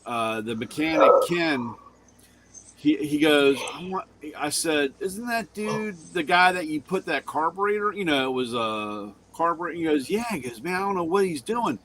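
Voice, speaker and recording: A man's voice: a little high, animated, moderate pace, a bit bright. A man who runs a car shop, co-hosting a casual show and telling a rambling story that he often corrects as he goes. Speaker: show co-host; shop owner.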